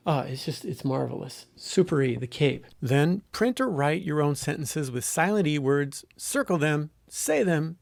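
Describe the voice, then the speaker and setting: A man's voice: a little high, normal speed, gravelly, soft background music. A man who teaches first grade, explaining reading methods and sounding out letters as he demos. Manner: animated, sounding out letters for students. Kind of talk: instructional talk with demonstrations.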